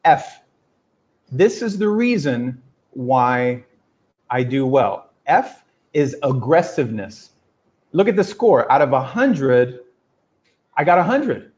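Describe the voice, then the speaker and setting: Energetic man on a muffled call. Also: medium pitch, takes it slowly, pauses often. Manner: energetic, emphatic storytelling with acted quotes. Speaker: business coach. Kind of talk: motivational talk to a group. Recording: lo-fi muffled audio.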